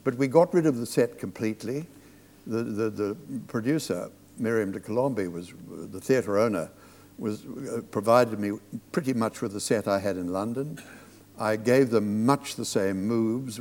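A man's voice: lowish voice, darkish tone. Man telling stage stories in a hall. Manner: anecdotal, halting with many restarts. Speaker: theatre director. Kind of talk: storytelling on stage. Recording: long reverb of a hall.

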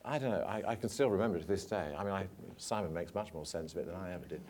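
A man's voice: low-pitched, very fast, a little mellow, a little hiss or hum. A man, an actor, telling anecdotes on a stage panel in a chatty, self-mocking way with stumbling restarts. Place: theatre stage before an audience.

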